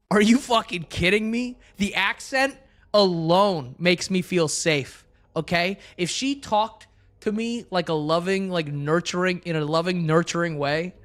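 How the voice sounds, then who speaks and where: A man's voice: sits high, fairly bright tone. A young man streaming live, chatting casually with his chat in a blunt, crude, rambling way.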